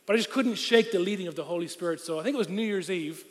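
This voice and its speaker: A pastor in his thirties preaches from a church stage, his voice sitting high for a man and bouncing with animated, joking energy. He slips into quick acted-out voices as he tells his story. The sound rings out with the long reverb of a big hall. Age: 30s. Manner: animated, humorous, acts out voices. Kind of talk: storytelling sermon.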